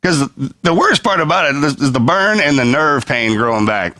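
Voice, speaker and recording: A man's voice: a little high, expressive, a little fast, sharp tone. A man hosting a podcast, talking casually in an earnest, rambling way with restarts. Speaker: podcast host. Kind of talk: casual conversation.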